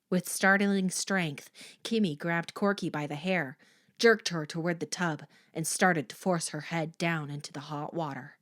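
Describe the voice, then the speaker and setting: A woman narrating a horror audiobook at a slow, deliberate pace. Her voice sits somewhat low, and the recording is dry and close to the mic, with little room sound. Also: dry recording. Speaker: audiobook reader.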